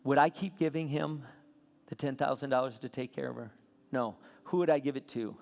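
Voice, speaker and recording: A man preaching a sermon as a pastor, telling a story with lively swings between soft asides and loud bursts. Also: medium pitch, fairly quick, gravelly. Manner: animated storytelling with sudden loud peaks. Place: church sanctuary. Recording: long hall reverb.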